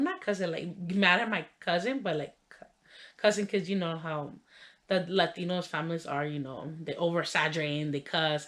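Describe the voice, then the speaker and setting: A woman's voice: on the low side, fairly bright tone. A young adult woman vlogger telling a funny childhood story in a casual, chatty way, full of "like" and "you know" fillers. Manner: laughs while telling the story.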